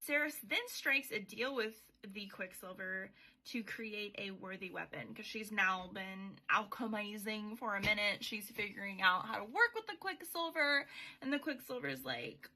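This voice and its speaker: A woman's voice: mid-range voice, lively intonation, measured pace, bright, forceful tone. A young woman hosting a podcast, recapping a book in a chatty, sweary way with sarcastic asides. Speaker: podcast host.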